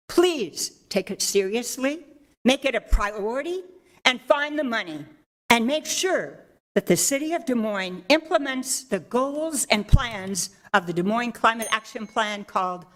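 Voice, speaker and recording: A woman, a teacher, giving public comment at a council podium, reading a story aloud in a loud, earnest teacher voice. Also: on the high side. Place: city council chamber.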